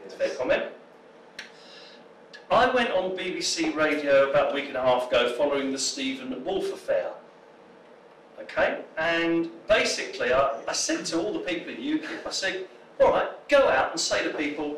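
Speaking at a moderate pace to a pub function-room crowd, a political speaker spins comic stories and mimics the voices of their characters, his fairly high voice swinging animatedly. The far-off mic gives a reverberant, roomy sound over a faint hum of ambience.

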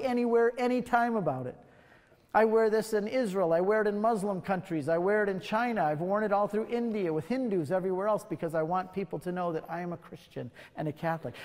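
Male speaker, evangelistic lecture; animated, emphatic storyteller; higher voice; reverberant lecture hall. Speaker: guest speaker. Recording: long reverb in a large hall.

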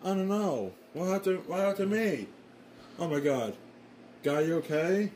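A man voicing an excitable young male character in an amateur fan drama, with fast, panicky exclamations. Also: high-pitched, slight background noise. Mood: panicked.

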